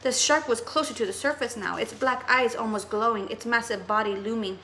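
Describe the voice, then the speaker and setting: A woman's voice: on the high side, fairly quick, slight background noise. A woman teacher reading a novel aloud expressively to her students. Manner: expressive storytelling.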